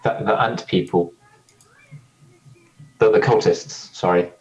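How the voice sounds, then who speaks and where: A man's voice: deep voice, steady tone, slow, a little mellow, lo-fi sound. A man playing a tabletop game, talking casually and thinking aloud. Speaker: player. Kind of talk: tabletop role-play.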